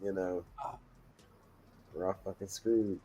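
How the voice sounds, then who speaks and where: A man's voice: deep voice, steady tone, takes it slowly, dark tone, breathy edge. A man on a podcast, joking in laid-back slang during casual chat.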